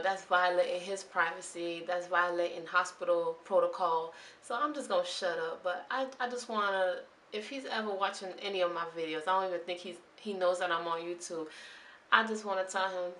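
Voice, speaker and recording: A woman's voice: medium pitch, sharp tone, slight background noise. Young woman vlogging about nursing, candid and chatty, kinda far from the mic in an echoey room. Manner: candid, emotional, chatty with many restarts. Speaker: new registered nurse vlogger. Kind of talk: casual talk to camera.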